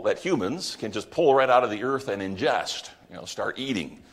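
A man's voice: mid-range voice, lively intonation, normal speed, breathy edge. A man preaching a sermon, earnest and emphatic, sometimes stumbling over his words. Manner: earnest, emphatic, with fillers and wide swings in loudness. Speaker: pastor.

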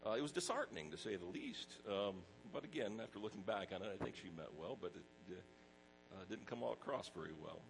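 A middle-aged pastor preaching a sermon in a conversational way, mixing personal stories with scripture. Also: male voice, fairly low pitch, big pitch swings, fast, creaky, slight background noise, rough recording.

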